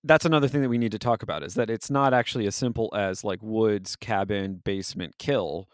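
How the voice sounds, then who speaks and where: A man's voice: fairly low pitch, a little fast, dry recording, clean studio sound. A man co-hosting a podcast, chatting casually and agreeing often. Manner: conversational, frequent agreeing interjections. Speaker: podcast co-host. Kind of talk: casual discussion.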